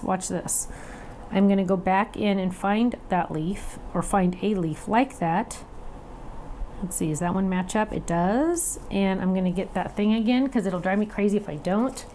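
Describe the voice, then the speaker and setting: A woman's voice: on the high side, a little hiss or hum. A woman teaching a live online craft class, chatty and upbeat, talking viewers through each step while she works. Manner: laughs at herself, playful sound effects.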